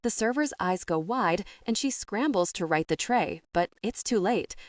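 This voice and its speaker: A young adult woman reading a first-person romance audiobook with a steady, calm and expressive delivery. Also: medium pitch, normal speed, dry recording, studio quality. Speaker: audiobook narrator.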